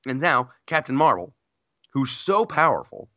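A man's voice: medium pitch, big pitch swings, moderate pace, pushed and bright, dry recording, muffled recording. A man co-hosting a podcast, chatting casually and ranting about a movie, acting out scenes in mocking voices. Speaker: podcast co-host. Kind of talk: casual chat, movie rant.

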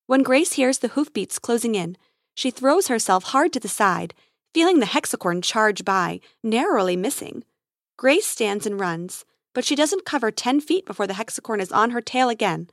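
A woman with a fairly high voice reads a children's space adventure aloud. Her delivery is lively and expressive. The sound is dry and close to the mic. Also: normal speed, no echo. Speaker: storyteller. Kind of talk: narrating a children's adventure story.

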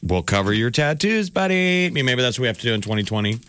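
A man co-hosting a morning radio show, jokey and riffing with quick asides. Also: medium pitch, big pitch swings, fairly bright tone, clean tone. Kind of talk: casual radio banter.

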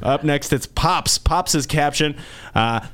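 A man co-hosting a radio talk show, reading listener captions aloud with a quick laugh. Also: on the high side, a bit bright. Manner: upbeat, laughs often. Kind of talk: casual radio chat.

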